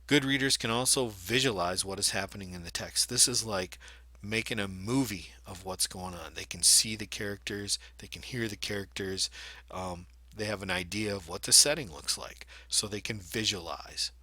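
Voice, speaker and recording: A man's voice: lowish voice, moderate pace, pushed and bright, no echo. A man explaining reading skills in an instructional video lesson, demonstrating points by reading aloud. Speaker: reading teacher.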